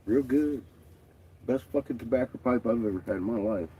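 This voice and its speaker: A man's voice: mid-range voice, brisk, noisy background. A man chatting casually in a vlog, laughing often and swearing freely. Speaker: vlogger. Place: out and about, doing laundry.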